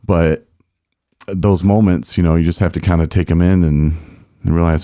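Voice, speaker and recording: A man's voice: sits low, fairly even intonation, normal speed, dark tone, dry recording, clean studio sound. A man hosting a podcast, telling a story in a rambling, folksy way with many fillers. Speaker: podcast host. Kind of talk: casual storytelling chat.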